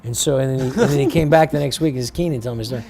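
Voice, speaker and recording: A man's voice: medium pitch, racing, darkish tone, a little hiss or hum. A man from San Francisco, a show guest, telling rambling anecdotes, acting out other people's voices and swearing freely. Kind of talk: animated storytelling.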